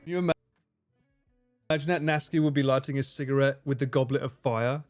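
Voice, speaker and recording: A man's voice: medium pitch, brisk, long pauses, music in the background. A man in his thirties live streaming, joking and swearing in casual banter with his chat.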